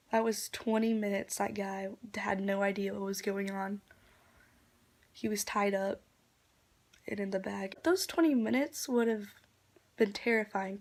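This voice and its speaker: A woman talks straight to her camera at a slow, unhurried pace, her pitch staying flat and even. She is subdued and disgusted as she retells events. At times her voice sinks to a soft half-whisper. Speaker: vlogger. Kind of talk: reaction commentary.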